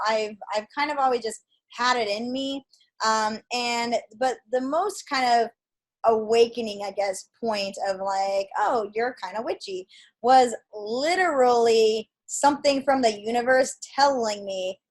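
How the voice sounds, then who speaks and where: A woman in her thirties from Idaho, telling a personal story as a podcast guest, animated and acting out dialogue with many fillers. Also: fairly high pitch, unhurried. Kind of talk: casual storytelling interview.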